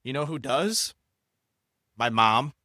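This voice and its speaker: A man's voice: medium pitch, lively intonation, slow, bright, forceful tone, no room sound, studio quality. A young man co-hosting a casual podcast, hyper and jokey as he rambles and reads scripture. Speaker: podcast co-host.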